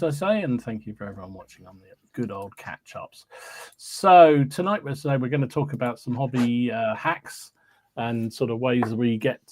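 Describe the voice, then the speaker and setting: Slight background noise sits behind this podcast host's medium, darkish voice as he chats casually on a hobby livestream. Though he has a cold, he keeps laughing and welcoming viewers by name.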